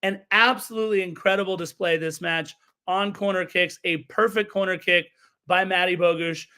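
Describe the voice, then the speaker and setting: A man's voice: high voice, steady tone, normal speed, sharp tone, clean tone. A man hosting a live soccer podcast, recapping a match with enthusiasm and chatty self-corrections. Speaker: podcast host.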